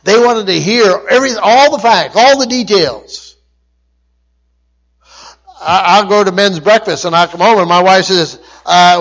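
A man with a notably high voice delivers a sermon. He stumbles and restarts, then hammers home phrases by repeating them again and again. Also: moderate pace, a bit bright, rough recording. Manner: emphatic repetition, frequent restarts and stumbles. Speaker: preacher.

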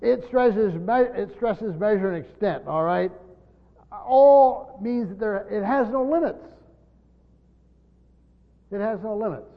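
A man's voice: high voice, slow pace, long pauses. Man teaching scripture in an echoing hall. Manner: emphatic, swinging between loud stresses and quiet asides. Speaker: pastor teaching a Bible study. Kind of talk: expository Bible teaching. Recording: dull lo-fi sound in a large echoing hall.

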